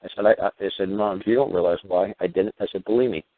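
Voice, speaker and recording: A man's voice: lowish voice, quick pace, dry recording. A man talking in a rambling phone-in monologue, full of "you know" and restarts. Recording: tinny dry phone line.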